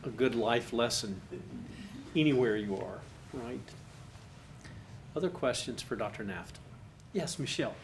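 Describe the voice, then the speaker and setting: A man's voice: medium pitch, animated, measured pace, long pauses. A man hosting the session, briefly thanking the guest and calling on the next questioner. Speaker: host, dean moderating. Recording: distant mic with background noise.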